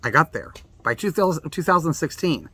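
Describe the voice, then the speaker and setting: A man's voice: a little high, big pitch swings, a little fast, bright, forceful tone, breathy edge. A middle-aged man giving a blunt, emphatic talk on meditation as a Buddhist teacher. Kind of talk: direct-to-camera daily reflection talk.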